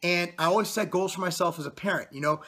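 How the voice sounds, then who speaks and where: Man in his thirties, fitness vlogger, blunt profane motivational rant; bright, husky tone. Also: high-pitched, quick pace. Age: 30s. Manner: blunt, profane, intense pep talk.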